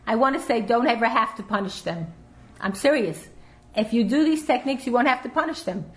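A woman's voice: sits high, a bit bright, low-quality recording. Earnest woman lecturing on parenting. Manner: earnest, emphatic, repeats key points.

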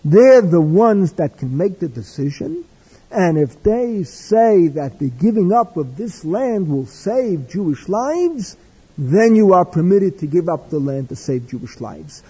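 Husky older man lecturing in a hall. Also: high-pitched, sing-song, a little slow, warm tone. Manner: discursive, wry, with Hebrew and Yiddish terms. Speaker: religious teacher. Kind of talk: lecture with storytelling. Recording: echoey hall with long reverb.

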